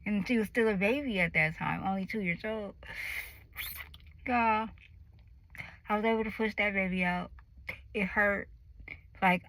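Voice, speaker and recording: A woman in her thirties telling a personal story in a lively, animated way, acting out the voices and cries of the moment. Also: mid-range voice, poor audio. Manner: animated, acts out her own screams and quoted voices. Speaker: vlogger.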